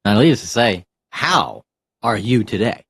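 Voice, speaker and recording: A man's voice: on the low side, sing-song, unhurried, fairly bright tone, husky, dry recording. A man hosting an interview, mostly giving brief supportive affirmations. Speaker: host. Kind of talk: radio interview.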